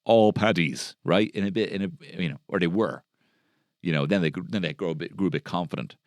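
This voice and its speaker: A man's voice: low voice, a little fast, a little mellow, no room sound, clean studio sound. A man with an Irish accent hosting a solo comedy podcast, rambling and sardonic, swearing freely. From Ireland. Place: podcast studio.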